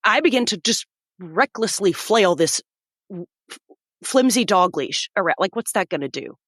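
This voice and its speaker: A woman's voice: mid-range voice, expressive, normal speed, a bit bright, dry recording, clean studio sound. A woman in her thirties, a podcast guest, vividly telling a personal story and acting out the voices of the people in it.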